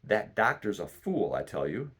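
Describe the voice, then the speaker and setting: A man voicing a sick, rum-craving old pirate captain who talks in gruff, salty seaman's slang, reading a storybook aloud. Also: fairly low pitch, big pitch swings, normal speed, fairly bright tone, heavily acted. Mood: blustering. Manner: gruff salty seaman's talk, pleading then cursing.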